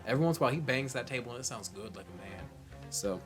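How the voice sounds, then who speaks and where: Over loud music, a man with a medium-pitched voice hosts a let's play, talking very fast. His casual gaming commentary is animated and goofy, full of rambling asides as he plays.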